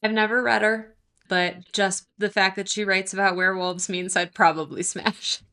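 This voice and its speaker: Bright, playful woman co-host. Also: mid-range voice, fairly even intonation, normal speed. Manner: playful, joking, candid. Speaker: podcast co-host. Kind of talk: casual chat.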